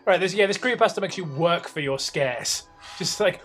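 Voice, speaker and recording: Male reader with a slightly high voice, sarcastic comic reading, faint music underneath. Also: expressive, moderate pace, fairly bright tone. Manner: reads aloud, stumbles, sarcastic asides. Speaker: reader and host. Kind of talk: comedic reading with banter.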